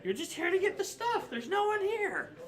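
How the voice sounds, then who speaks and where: A man voicing a small, panicky goblin archer who yells back in a high, shrill, whiny voice. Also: sing-song, normal speed.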